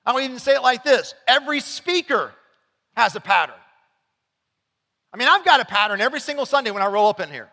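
A man preaching in a high, bright voice that cuts through the space. He talks conversationally, sliding from quiet asides into loud, emphatic lines. The sound rings out with a long reverb from the church hall around him. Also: lively intonation, fairly quick, creaky, pauses often. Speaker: pastor. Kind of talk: sermon. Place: church sanctuary.

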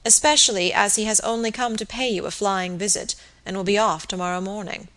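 A woman voicing a grave young male barrister, speaking in a measured, formal way in a storybook reading. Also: mid-range voice, fairly even intonation, a bit bright, lightly acted.

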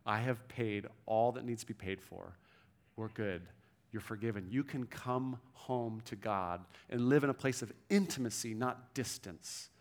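A man's voice: medium pitch, fairly bright tone. A man preaching a sermon in a conversational way, often checking in with the listeners and quoting scripture with emphasis. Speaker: pastor.

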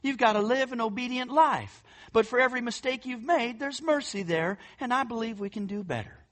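A man putting on a soft, hesitant to impersonate a gentle-spoken preacher. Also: very high-pitched, voice pushed up. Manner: halting, hedging, gentle.

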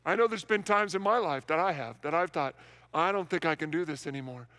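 A man's voice: a little high, a little fast, bright, forceful tone. A male pastor preaching an Easter sermon in a large, empty worship center, earnest and repeating words for emphasis.

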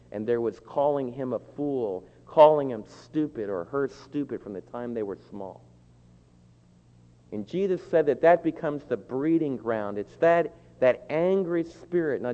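A man preaching a sermon, animated, acting out shouted quotes. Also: medium pitch. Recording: dull lo-fi sound with long hall reverb.

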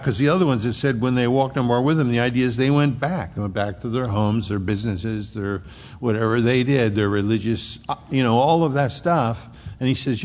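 A male pastor preaching a sermon. He swings between emphatic, rising outbursts and hushed, low asides. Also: lively intonation, fairly quick, slight background noise. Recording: long reverb of a large hall.

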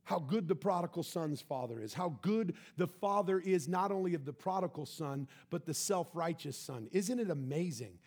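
A husky-voiced man preaching with emphatic swings from loud to soft. His voice sits a bit high for a man. He drives his points home with repeated phrases. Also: animated, moderate pace, hardly any pauses. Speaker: pastor. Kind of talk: sermon.

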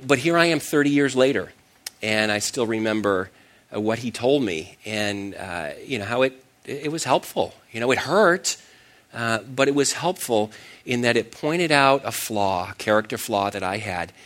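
A man's voice: medium pitch, a bit bright. A middle-aged man preaching a sermon, telling a personal story in a self-deprecating way with frequent restarts. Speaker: pastor.

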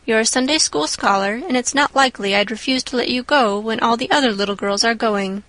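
A woman's voice: a little high, fairly quick, a bit bright, no echo, lightly acted. A woman voicing a stern older spinster who speaks in a brusque, scolding way.

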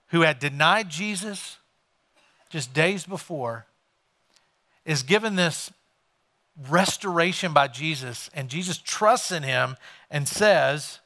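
A man's voice: a little high, expressive, slow, long pauses, sharp tone. A male pastor preaching a sermon, retelling a scripture story in conversational everyday words.

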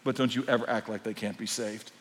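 A man preaching a sermon as pastor, swinging between quiet, intimate passages and loud, emphatic ones. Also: fairly low pitch, steady tone, fast talker, big-room sound.

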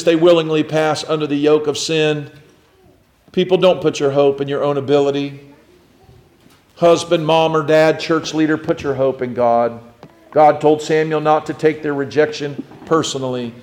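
A middle-aged man preaching a sermon as pastor, swinging between loud emphatic lines and quiet, low ones. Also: moderate pace.

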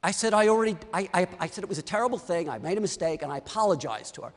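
A high-pitched man tells an animated story about his dental practice, voicing each person in it with gusto. His voice carries a long hall echo. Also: rapid-fire, few pauses. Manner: lively storyteller who acts out the dialogue. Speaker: orthodontist. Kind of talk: storytelling talk to an audience.

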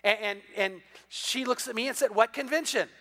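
A middle-aged man, a pastor telling a story in a sermon, animated and full of repeated "and, and" restarts as he acts out the people in it. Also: very high voice, moderate pace, slight background noise.

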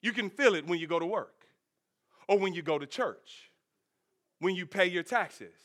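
A man doing a deep, grave impression of a solemn male mentor from a sci-fi film, speaking slowly and measuredly. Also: lively intonation, a bit bright.

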